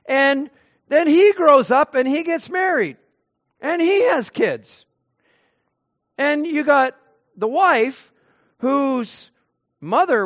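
A man giving an earnest Christian teaching on marriage, speaking deliberately and illustrating points with everyday stories. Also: high voice.

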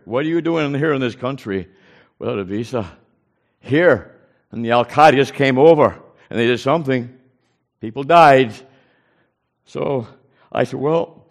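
A preacher telling a personal story in a folksy way, acting out the dialogue of the people in it. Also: male voice, medium pitch. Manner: folksy, animated retelling with quoted dialogue. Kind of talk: storytelling testimony.

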